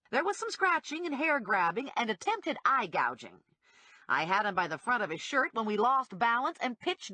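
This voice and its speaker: A woman narrates a comic audiobook in the first person, her voice bright and full of sweeping pitch changes. There is a touch of breathiness in her tone, and the recording sounds dry and close. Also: no room sound. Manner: lively, wide-ranging delivery with acted character voices.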